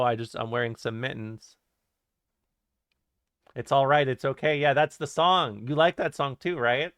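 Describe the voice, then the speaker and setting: A man streaming and reading chat aloud, joking, laughing and swearing in quick casual banter. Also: medium pitch, fairly bright tone, no room sound.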